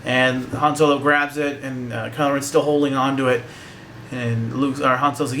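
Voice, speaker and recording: A man's voice: mid-range voice, fairly even intonation, moderate pace, bright, forceful tone, a little hiss or hum. A young man giving a casual, joking, profane movie review that rambles along.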